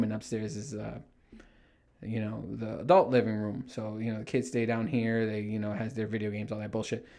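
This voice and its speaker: A middle-aged man hosting his own show, telling stories casually and acting out his panic in a raised voice, with plenty of swearing. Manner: animated, swears freely, acts out panicked quotes in a higher voice. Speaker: podcast host. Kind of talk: casual storytelling monologue.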